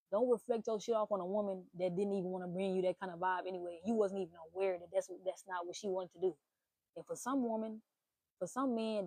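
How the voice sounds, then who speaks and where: A young woman hosts a casual talk stream, ranting animatedly as she hands out blunt relationship advice full of profanity. Her voice is medium-pitched and the recording is dry.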